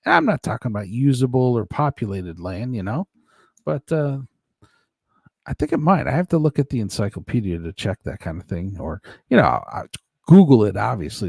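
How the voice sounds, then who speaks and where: Chatty stream host, male, gravelly voice with lively ups and downs, jokey and rambling. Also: medium pitch, no echo, clean studio sound. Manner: rambling, joking, laughs often. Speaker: livestream host reading chat. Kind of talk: casual chat.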